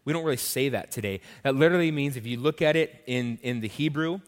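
A man's voice: medium pitch, quick pace, long reverb tail. A man preaching a sermon as a pastor, earnest and conversational, with frequent fillers and restarts.

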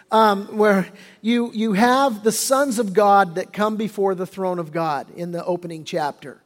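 A man's voice: sits high, a little mellow. A man preaching a sermon as pastor. He explains things conversationally and often restarts his sentences. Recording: long reverb of a large hall.

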